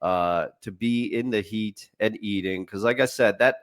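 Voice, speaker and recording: In casual sports talk, a male podcast co-host rambles through anecdotes, frequently restarting sentences and laughing at himself. His voice is lowish and his delivery unhurried.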